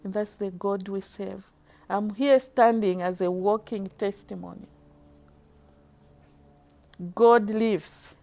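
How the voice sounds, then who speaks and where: Slow, heartfelt middle-aged woman testifying. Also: mid-range voice, steady tone, gravelly, darkish tone. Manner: earnest, slow and heartfelt, moved to tears at times. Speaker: church member giving a testimony. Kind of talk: emotional faith testimony interview.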